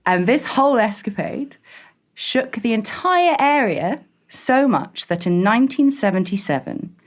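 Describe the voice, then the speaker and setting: A British woman guesting on a podcast, telling a true-crime story in a lively, suspense-building way. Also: a little high, a little slow.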